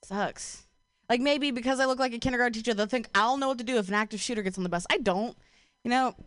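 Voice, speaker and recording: A young woman from Ohio doing a stand-up comedy set, casual and profane, with a deadpan delivery broken by her own laughs. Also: on the high side, quick pace, dry recording, studio quality.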